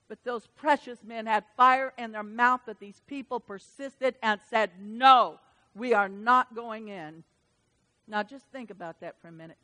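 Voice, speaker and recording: A woman preaching a sermon to her church, reading scripture and surging from soft asides to loud, fervent exclamations. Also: on the high side. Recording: long hall reverb.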